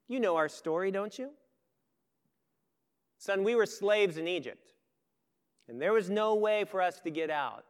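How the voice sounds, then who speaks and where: A man preaching acts out a solemn father who speaks gently and earnestly to his son. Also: high-pitched, lively intonation, measured pace, long pauses, clear, resonant tone. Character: solemn, tender father telling his son their story.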